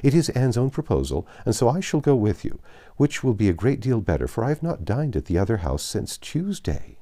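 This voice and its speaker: A man's voice: medium pitch, big pitch swings, warm tone, pitched above the performer's own voice. A man reading a classic novel aloud, voicing a fretful, self-pitying young mother who complains easily. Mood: eager. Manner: complaining, quick to whine.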